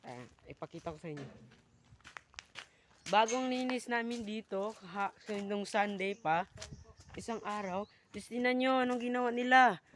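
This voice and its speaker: A young man in his teens with a Filipino accent, a Tagalog speaker vlogging outdoors in a park on a phone for a school project, halting and apologetic as he searches for English words and slips into Tagalog. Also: sits high, a bit bright, a little hiss or hum. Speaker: student vlogger. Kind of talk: casual walking vlog, mixing English and Tagalog. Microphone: phone held while walking.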